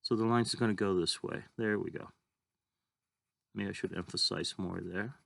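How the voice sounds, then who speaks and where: A man's voice: low-pitched, moderate pace, gravelly, a bit bright, dry recording, clean studio sound. A man teaching a drawing lesson, talking casually and thinking aloud as he draws. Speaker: art teacher.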